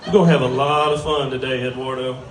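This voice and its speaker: A man of medium pitch talks fast in a steady tone during a brewery stand-up set before a live audience, crude and drawling as he mocks himself. The background is noisy, and he's recorded from a distance in a roomy live venue.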